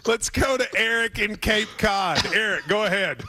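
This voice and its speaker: A man hosting a call-in radio show, talking in animated, casual banter and often breaking in with "wait a minute.". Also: sits high, normal speed, soft background music. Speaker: radio talk show host.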